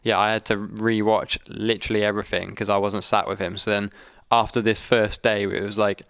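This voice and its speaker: A young man, a video editor, calmly explaining his editing choices with dry humour. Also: on the low side, fairly quick, smooth, no echo. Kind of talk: casual breakdown chat.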